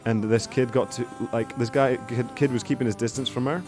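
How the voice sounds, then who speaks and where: A man's voice: medium pitch, fairly even intonation, brisk, over music. A young man streaming casually, laid-back and rambling, with some swearing. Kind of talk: casual livestream chat.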